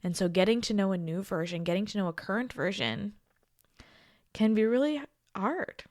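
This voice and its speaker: A woman in her thirties hosting her own podcast, talking in a reflective, confiding way. She is tired and emotional, slips into soft near-whispers and laughs often. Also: mid-range voice, lively intonation, normal speed, dry recording, clean studio sound. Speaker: podcast host. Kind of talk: casual solo podcast talk.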